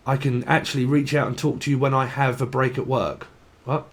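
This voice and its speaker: A man's voice: mid-range voice, animated, brisk, vocal fry, breathy edge. A man giving a casual channelled tarot reading, rambling and free-associating, laughing often and swearing casually. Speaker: tarot reader.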